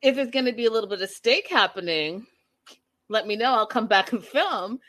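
Young woman, reality show reviewer, gossipy, animated, slightly high voice. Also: normal speed. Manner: animated, gossipy, says y'all. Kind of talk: casual commentary to viewers.

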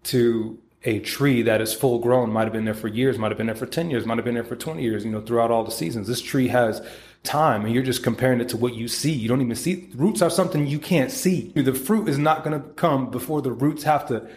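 A man in his thirties delivers a motivational podcast monologue, loud with profanity and a preacher's push. He drives his points home by repeating them and slipping into quick impressions of the people he talks about. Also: mid-range voice. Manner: profane, animated, preachy, acts out quoted voices. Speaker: podcast host and supplement company founder.

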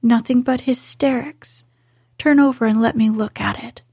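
A woman's voice: a little high, fairly even intonation, moderate pace, creaky, dark tone, slightly rough, no echo. A woman voicing a fierce, bossy little girl scolding a sick boy, in whispered role-play. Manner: commanding, stamping, scornful.

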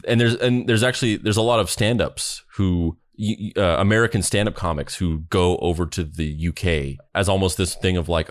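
A man's voice: low-pitched, fairly quick, few pauses, dry recording, studio quality. A man hosting a podcast in casual chat, rambling with many restarts. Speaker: podcast host.

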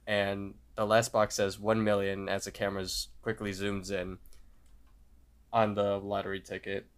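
With a low, smooth voice and flat delivery at a measured pace, a man co-hosting a podcast retells a cartoon episode casually. He acts out the characters' lines loudly as he goes.

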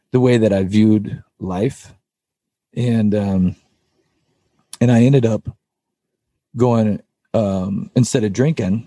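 A man's voice: fairly low pitch, warm tone, husky, dry recording. A man, a podcast guest, candidly telling a personal story in an earnest, rambling way, with frequent restarts. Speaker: podcast guest, band vocalist.

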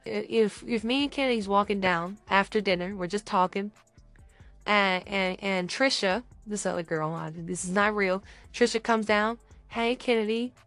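A young woman co-hosting a podcast, talking casually and acting out little scenes with quick voices. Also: mid-range voice, steady tone, fairly bright tone, no echo, faint music behind. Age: young adult. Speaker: podcast co-host.

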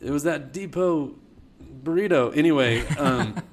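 A man's voice: fairly high pitch, unhurried, background noise. A young man casually telling a long, funny personal story on a podcast. He laughs often and restarts his sentences a lot. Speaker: storyteller guest.

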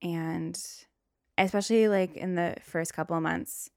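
Gravelly, blunt New woman. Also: on the low side, steady tone, a little slow, darkish tone, no echo, clean studio sound. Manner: blunt, profane storytelling with acted outbursts. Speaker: podcast host. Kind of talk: casual solo podcast monologue.

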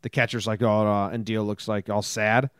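A man co-hosting a casual sports talk show, giving blunt, quick recaps with a lot of swearing. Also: lowish voice, flat delivery, clean tone, dry recording, clean studio sound. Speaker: podcast co-host.

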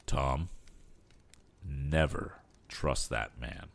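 A man reading an audiobook, voicing an aged, cautious male inventor who speaks slowly and gravely. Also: deep voice, animated, fairly bright tone.

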